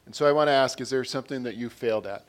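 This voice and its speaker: A man delivers a sermon with earnest conviction, echoing his own phrases and getting louder whenever he reads out quotes or scripture. His voice sits in the mid range, and he speaks in a rapid-fire rush.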